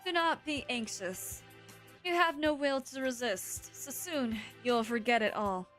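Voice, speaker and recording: A woman voicing a calm, sinister male pigeon doctor who speaks slowly and coldly in a game playthrough. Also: fairly high pitch, soft background music. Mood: menacing. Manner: slow, cold, deliberate.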